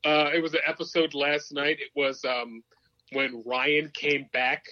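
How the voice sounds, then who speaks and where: Male podcast co-host; excitable and laughing, a bit high; dull lo-fi sound. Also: unhurried. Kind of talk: casual sports talk banter. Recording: dull lo-fi mic.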